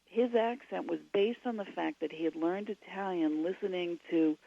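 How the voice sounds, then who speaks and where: A woman's voice: fairly low pitch, moderate pace, vocal fry, highs cut off. A woman, a guest author on a radio interview, giving long and digressive explanations.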